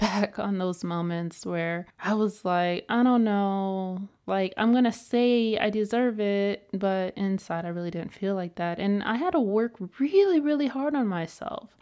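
Woman, podcast host, medium pitch, casual motivational talk, chatty, lots of fillers. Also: a little mellow. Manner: chatty, self-help storytelling with many fillers.

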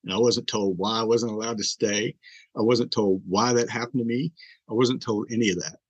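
A man's voice: fairly low pitch, steady tone, a little fast, slightly rough, dry recording, lo-fi sound. An older man, a podcast guest, earnestly telling an emotional personal story with fillers and restarts.

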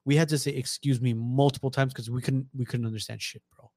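A man's voice: medium pitch, steady tone, fast, darkish tone, no room sound. A young man in casual conversation as a podcast host, loose and slangy, who restarts and repeats phrases. His voice is recorded dry and close with no room sound.

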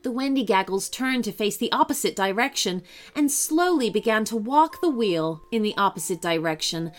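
A woman storyteller giving a scripted narration of a children's story in a lively, expressive way. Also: medium pitch.

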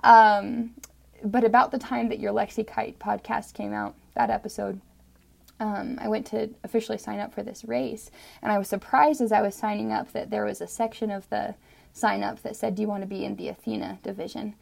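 Gravelly, husky woman reading her own poem. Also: mid-range voice, level tone, fairly quick, a little mellow. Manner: earnest, drops to whispers in the poem. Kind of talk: personal story and spoken-word poem.

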